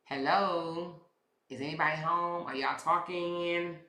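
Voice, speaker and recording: A woman's voice: fairly low pitch, moderate pace, sharp tone, roomy sound. A woman hosting a casual livestream, talking bluntly and with plenty of profanity straight to her viewers. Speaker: livestream commentary host.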